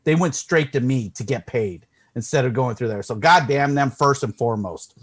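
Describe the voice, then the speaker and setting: A man's voice: mid-range voice, moderate pace, husky. A middle-aged man, a podcast co-host, telling a sarcastic story in casual chat and swearing along the way. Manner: sarcastic, deadpan jokes, swearing.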